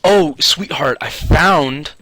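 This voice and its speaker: A man's voice: fairly high pitch, slow, pushed and bright, no room sound, voice pushed up, heavily acted. A man voicing a disbelieving middle-aged female store clerk, asking raised, incredulous questions. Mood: sweetly earnest.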